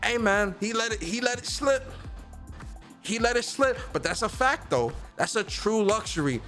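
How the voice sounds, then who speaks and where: A man's voice: high voice, moderate pace, faint music behind. Slangy man hosting a gaming stream. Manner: slangy and animated, reads out chat comments. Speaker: host of a gaming news stream. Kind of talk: casual livestream chat.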